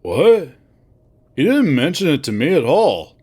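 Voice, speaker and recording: A man's voice: on the high side, huge pitch swings, a little slow, a little mellow, breathy edge, full character voice. A man voicing a young male furry slacker in a visual novel, talking in a sarcastic, drawling, exasperated way. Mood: wry.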